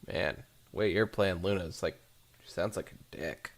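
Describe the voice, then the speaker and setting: A man's voice: low-pitched, normal speed. A man co-hosting a podcast in casual chat, with a wry, nitpicking way of commenting. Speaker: podcast co-host.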